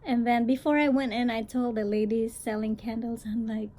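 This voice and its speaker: Soft-toned Filipino woman telling her story. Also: fairly high pitch, little pitch movement, moderate pace. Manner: switches between English and Cebuano, frequent throat clearing. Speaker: vlogger. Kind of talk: personal storytelling vlog.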